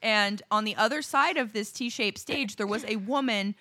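A woman in her thirties co-hosting a podcast, an animated, jokey storyteller who acts out what people said. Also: medium pitch, normal speed, no room sound. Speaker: podcast co-host. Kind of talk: casual chat, storytelling.

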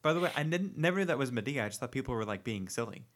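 A man co-hosting a podcast in casual chat, animated and playful. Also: mid-range voice, racing. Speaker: podcast co-host. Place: Central Florida.

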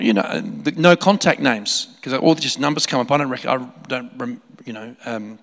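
Gravelly preacher in a hall. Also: male voice, medium pitch, fairly quick, few pauses. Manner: animated, laughing asides, many restarts. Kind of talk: sermon storytelling. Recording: long hall reverb.

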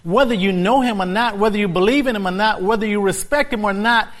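A man preaching a sermon, moving from calm teaching to shouted exclamations, with emphatic repetition as he reads scripture aloud. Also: high-pitched, fast talker.

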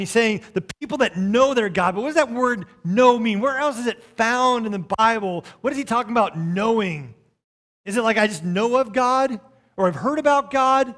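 A man preaching a sermon as pastor, reading scripture and telling a story, swinging between soft passages and loud ones. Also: high voice.

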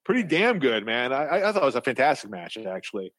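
Fast-talking man in opinionated wrestling chat. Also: medium pitch, sing-song, fairly bright tone, dry recording. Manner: opinionated, many restarts and fillers. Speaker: podcast co-host.

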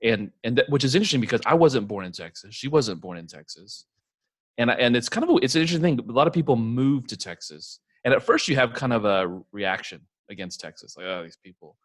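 A man's voice: medium pitch, lively intonation, quick pace, no room sound. A man co-hosting a podcast in casual chat, agreeable and prone to wandering anecdotes. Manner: agreeable, frequent "yeah", digressive anecdotes. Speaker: podcast co-host.

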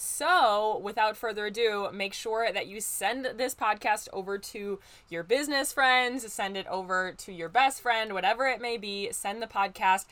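A woman with a light Midwestern American accent hosts her own small-business podcast. She talks in a bubbly, chatty way and speaks to listeners like a best friend over coffee. Her voice sits at an ordinary middle pitch. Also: fairly bright tone, no echo. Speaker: podcast host, business growth coach. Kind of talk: upbeat solo podcast chat.

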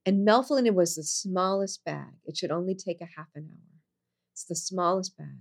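A woman telling a personal story in conversation, earnest, going soft and low on serious moments and jumping high when she quotes people. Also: moderate pace, creaky. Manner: animated, jumps high when quoting people.

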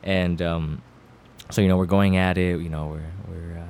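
A man's voice: low voice, fairly even intonation, moderate pace, darkish tone. A man casually telling crude, slangy stories among friends on a podcast, laughing between lines. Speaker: podcast storyteller.

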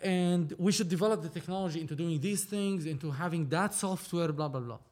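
A man's voice: fairly high pitch, brisk, a little mellow. A man from Lebanon, a film producer, telling a story in a casual interview, acting out dialogue and swearing freely.

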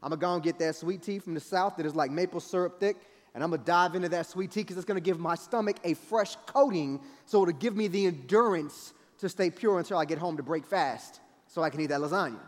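A preacher telling a comic story about his family, animated and dramatic, with acted-out voices. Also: high voice, brisk, few pauses. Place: large event hall. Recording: reverberant large hall.

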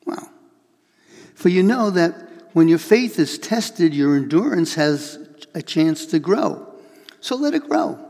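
A male pastor preaching a sermon, telling illustrations with lively acted-out voices and reading scripture aloud. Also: fairly high pitch, slow, creaky, long pauses, in a large hall. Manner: animated storytelling, acts out voices in illustrations.

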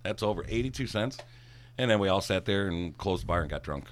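Middle-aged guy, lowish voice, rambling and swearing, gets fired up telling a bar story. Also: a little fast, a little hiss or hum. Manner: profane, rambling, animated when worked up. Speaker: guest storyteller, former bartender. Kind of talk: casual storytelling chat.

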